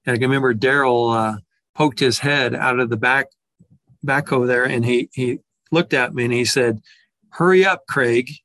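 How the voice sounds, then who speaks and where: A man's voice: medium pitch, level tone, normal speed, pushed and bright, no echo. A man telling a personal story in a reflective way, often restarting and repeating words as he goes.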